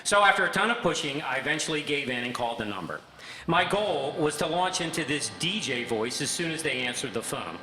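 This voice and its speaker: A bright-voiced older man in his sixties tells comic stories from a stage, his pitch leaping around with lively energy. The sound rings through a big echoey hall with a long reverb tail. Every so often he slips into a booming fake DJ voice for a punchline. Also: a little fast, a little hiss or hum. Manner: bursts into a booming fake DJ voice for jokes. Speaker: speaker giving a short stage talk. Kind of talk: humorous storytelling talk. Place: large hall with audience.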